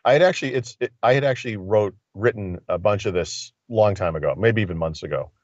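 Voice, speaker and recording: A very deep-voiced man rambles through a casual tech chat, stopping and restarting his thoughts. He calls in over a phone, so the sound is dull and lo-fi, with a dry, close feel. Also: fairly quick, no echo. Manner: rambling, thinking aloud with many fillers. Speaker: tech commentator. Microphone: phone line.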